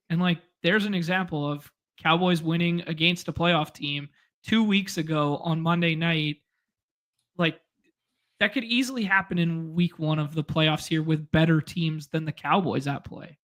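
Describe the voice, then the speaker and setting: A brash man trading trash talk on a casual sports show. His voice sits high for a man and sounds bright and edgy, and he gets excited and pushes hard on his points. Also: normal speed. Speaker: guest co-host. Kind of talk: casual fantasy football chat.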